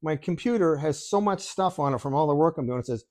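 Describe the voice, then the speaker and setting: A podcast co-host tells a story casually and animatedly, laughing often and swearing freely. His voice is a little high and his pace quick.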